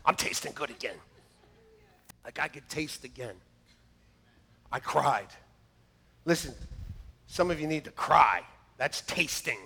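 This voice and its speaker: A man preaching a sermon to his church, joking and lively, then turning quietly earnest. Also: on the high side, slow, creaky, long pauses, slightly rough. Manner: jokey and animated, swinging between loud punchlines and quiet earnest asides. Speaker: pastor. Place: church sanctuary with a congregation. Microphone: church sound system, live-streamed.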